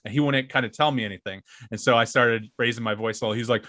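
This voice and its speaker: A man's voice: medium pitch, rapid-fire, few pauses, pushed and bright, dry recording, studio quality. A man co-hosting a casual podcast, ranting about a call with a profane, laughing delivery. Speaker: podcast co-host.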